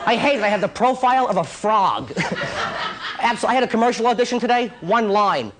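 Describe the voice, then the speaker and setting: Hyper high-voiced young comedian. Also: male voice, expressive, over a noisy crowd, very noisy. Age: 20s. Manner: hyper, rapid-fire joking. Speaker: stand-up comedian. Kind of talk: stand-up comedy set.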